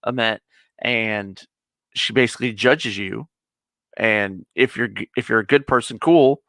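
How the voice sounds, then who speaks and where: A man's voice: lowish voice, a little slow, gravelly, a bit bright, no room sound. A man co-hosting a casual review chat, eagerly retelling a TV episode in a rambling way. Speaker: co-host of a nerd review show.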